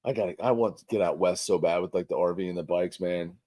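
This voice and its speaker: A man's voice: low voice, quick pace, dark tone. A man co-hosting a casual live stream about motorcycle rallies, joking and teasing as he talks. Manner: joking, teasing, loose swearing. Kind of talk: casual chat.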